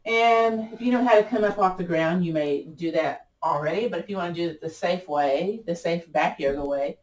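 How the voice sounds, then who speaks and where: A woman leads a gentle yoga class at home in a low, easy voice, cueing each breath and pose. Her friendly, self-teasing chatter rings out in a roomy space. The mic sits well away from her. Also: moderate pace. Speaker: yoga teacher. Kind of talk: guided yoga class instruction. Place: home room with yoga blanket and chair. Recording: roomy sound from a distant mic.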